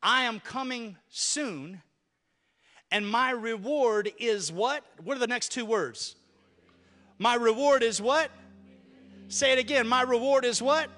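A man's voice: very high voice, measured pace, bright, forceful tone, faint music behind. A man preaching a sermon to a church congregation, calling for responses and repeating key phrases for emphasis. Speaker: pastor.

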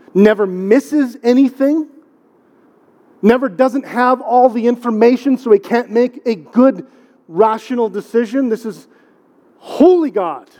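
A man's voice: sits high, darkish tone. A middle-aged man, a pastor, delivering a conversational sermon with rhetorical questions and repeated words for emphasis. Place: church sanctuary. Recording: long hall reverb.

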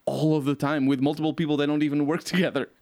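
A man's voice: a little high, quick pace, no echo. A man in casual podcast chat, ranting with exasperated energy and laughing between points. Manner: animated, exasperated rants with laughs.

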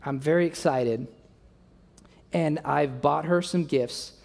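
A young adult man preaching a sermon, telling a self-mocking story and acting out the dialogue with lively energy. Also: a little high, takes it slowly, creaky. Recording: long reverb of a large hall.

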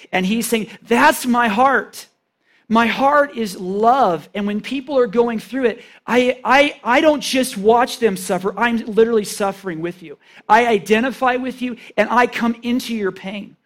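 A man with a notably high-pitched voice delivers an informal sermon. He speaks earnestly and conversationally, restarting phrases and paraphrasing scripture as he goes.

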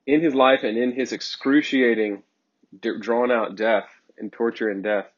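A man's voice: mid-range voice, fairly even intonation, unhurried, breathy edge. A male preacher giving an emphatic sermon, repeating phrases for emphasis with frequent ums along the way. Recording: dull lo-fi sermon recording.

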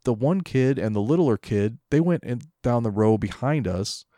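A man co-hosting a podcast, venting in a loose, foul-mouthed rant. His voice is mellow and dark, at a middle pitch. The sound is close and dry. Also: animated, moderate pace, no room sound. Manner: ranting, heavy swearing, mocking imitations. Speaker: podcast co-host. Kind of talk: casual profane rant.

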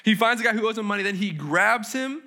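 Pastor, male, high and bright voice, casual conversational sermon, slangy, checks in with the room. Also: animated, fast. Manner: casual, conversational preaching with slang and audience questions. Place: church service.

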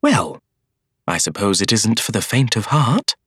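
A man voicing an eccentric older woman who owns a bookshop, gushing in a sing-song voice that swoops high in pitch. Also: big pitch swings, unhurried, fairly bright tone, slightly rough, no room sound, studio quality, full character voice. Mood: musing. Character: eccentric older female bookshop owner, bubbly. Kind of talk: audiobook character voice.

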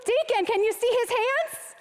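A high-voiced woman in her thirties preaches from a stage, mixing animated, self-mocking storytelling with scripture. Her voice carries a long reverb from a large church hall. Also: normal speed, slight background noise. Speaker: speaker giving a sermon. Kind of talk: storytelling sermon.

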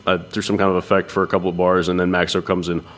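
A man's voice: low voice, level tone, racing. A young man co-hosting a casual music review chat, laid-back and rambling, with many fillers and restarts. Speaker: co-host.

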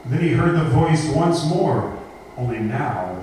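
A man's voice: fairly high pitch, lively intonation, measured pace, darkish tone. Man reading a ghost story, echoey. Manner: dramatic groaning voices for the monster. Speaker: host of a spoken word event. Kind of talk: reading a scary story aloud. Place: live event space. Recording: echoey room from far off with noise.

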